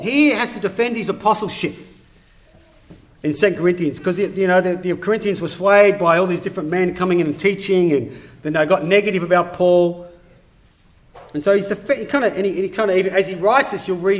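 A man's voice: high-pitched, brisk. A man preaching a sermon in an earnest, conversational way that builds to emphatic urgency. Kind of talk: sermon with scripture reading.

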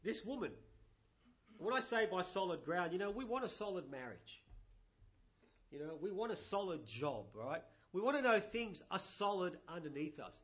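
A man's voice: high voice, big pitch swings, moderate pace, a bit bright. A man preaching a conversational sermon, with lots of 'you know' and emphatic bursts. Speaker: pastor. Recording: dull lo-fi recording.

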